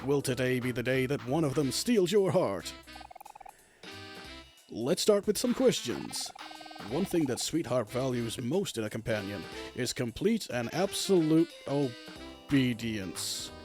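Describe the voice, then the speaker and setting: A man voicing a theatrical showman who announces and hosts a dating show, in a grandiose, drawn-out delivery. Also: medium pitch, very animated, a little mellow, soft background music. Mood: showy.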